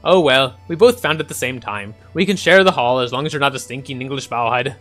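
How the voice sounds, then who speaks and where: A man voicing a boastful male Scottish explorer leader in a loud, blustery attempted Scottish accent, while playing a video game. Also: medium pitch, fast talker, soft background music, lightly acted.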